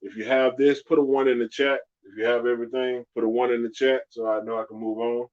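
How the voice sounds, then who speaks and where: A man teaching a live-streamed alphabet lesson, patiently repeating each sound slowly and clearly. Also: medium pitch, flat delivery, a little mellow, muffled recording. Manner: slow, drawn-out pronunciation drills.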